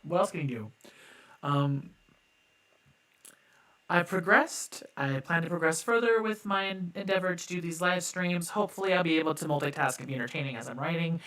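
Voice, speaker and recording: A man narrating a live-streamed improv story with expressive dramatic delivery. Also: a little high, normal speed. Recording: echoey reverb with loud music.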